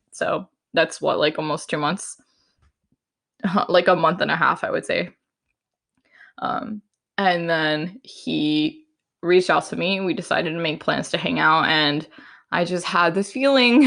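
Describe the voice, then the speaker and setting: A woman's voice: on the low side, vocal fry, pushed and bright. A young woman hosting a solo podcast, chatting frankly and casually, full of fillers, sometimes acting out her own inner voice. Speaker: podcast host.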